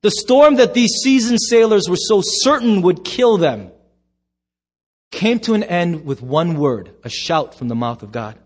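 A middle-aged man preaching a sermon as pastor, emphatic, swinging from loud bursts to hushed low lines. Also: animated, unhurried, husky.

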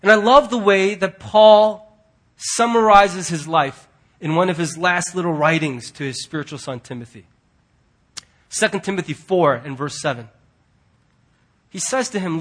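A male pastor preaching a sermon earnestly, swinging from loud emphatic lines to hushed, quiet ones. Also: sits high, normal speed, pauses often.

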